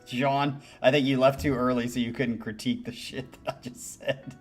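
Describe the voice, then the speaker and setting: A man's voice: medium pitch, flat delivery, normal speed. A man hosting a music reaction channel, giving candid, musing commentary and swearing casually.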